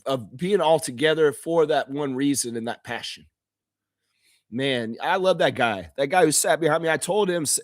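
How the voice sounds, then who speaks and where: A man hosting a live fan reaction stream, hoarse and tired from shouting at a game, talking in an emotional, excitable, rambling way. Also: medium pitch, dry recording, clean studio sound. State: hoarse, voice worn out. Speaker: fan channel host.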